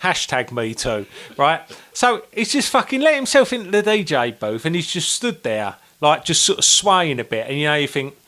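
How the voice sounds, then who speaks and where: A man tells crude anecdotes on a podcast, swearing freely as he acts out every quote. His voice sits high and bright, and it swoops up and down with lively energy. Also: moderate pace, few pauses. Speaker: podcast co-host. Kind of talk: casual storytelling chat.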